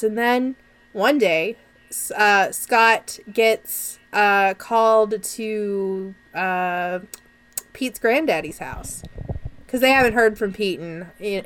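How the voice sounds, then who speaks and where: A young woman co-hosting a podcast, casually recapping a movie in an animated, sarcastic way and swearing freely. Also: medium pitch, smooth. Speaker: podcast co-host.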